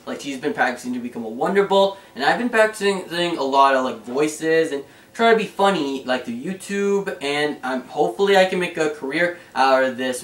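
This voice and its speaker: Young male vlogger, excitable and rambling, a bit high-pitched, distant mic with an echoey room. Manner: rambling, excitable, lots of fillers and restarts. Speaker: YouTuber answering fan questions. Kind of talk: casual vlog chat. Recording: roomy sound, away from the mic.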